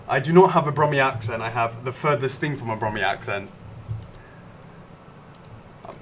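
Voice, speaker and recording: A man's voice: mid-range voice, moderate pace, pauses often, a little hiss or hum. A man co-hosting a live stream, casually chatting and answering viewer comments aloud. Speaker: livestream co-host.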